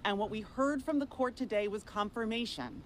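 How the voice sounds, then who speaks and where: A woman lawyer giving a press statement in a firm, measured, formal manner. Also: fairly high pitch, a little hiss or hum, rough recording.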